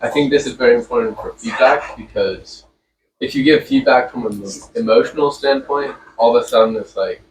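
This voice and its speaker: A man in a class discussion, speaking in a measured way with some hesitations. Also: mid-range voice, roomy sound, recorded from a distance, slight background noise, poor audio.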